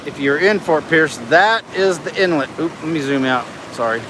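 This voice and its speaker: A man's voice: fairly high pitch, moderate pace, few pauses. A middle-aged man on a casual live stream. He reads out viewer comments and narrates what he sees from a beach inlet, filming on a phone. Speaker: livestream host. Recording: outdoor noise in the background.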